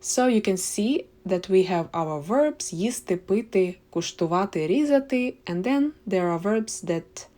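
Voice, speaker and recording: Slow, mellow-voiced woman teaching. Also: mid-range voice, animated. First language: Ukrainian. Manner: patient, repeats words slowly for learners. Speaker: language teacher. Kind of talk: slow, clear explanatory lesson.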